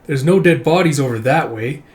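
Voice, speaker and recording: A man reading a comic aloud and voicing a falsely soothing young man who speaks gently and coaxingly. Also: mid-range voice, moderate pace, natural voice.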